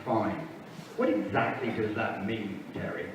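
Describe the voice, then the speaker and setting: A man's voice: lowish voice, unhurried. Blunt man asking from the floor. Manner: blunt, jokey. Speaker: audience member asking questions. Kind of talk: question from the floor. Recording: echoey room, distant, noisy.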